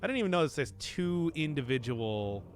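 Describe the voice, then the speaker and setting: A male streamer with a fairly high voice that swoops up and down freely as he rambles to his viewers mid-game. He chuckles often and answers chat in a loose, casual way. Quiet game music plays underneath. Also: big pitch swings, normal speed. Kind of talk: casual live-stream commentary while gaming.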